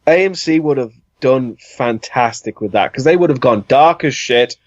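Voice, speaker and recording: A man's voice: mid-range voice, expressive, moderate pace, no echo. A Welsh man co-hosting a podcast, chatting casually and swearing now and then. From Wales. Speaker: podcast co-host. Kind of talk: casual chat. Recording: dull dry lo-fi sound.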